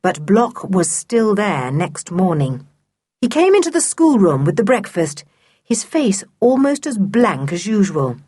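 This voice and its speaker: Brief: an animated female audiobook narrator with a husky voice. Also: medium pitch, unhurried. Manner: lively storytelling. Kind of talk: scripted narration.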